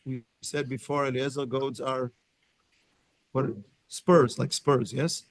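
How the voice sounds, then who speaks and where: A man's voice: mid-range voice, unhurried, no room sound. A man teaching a Torah class as a lecture, thinking aloud with frequent restarts and questions put to his students. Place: synagogue study room.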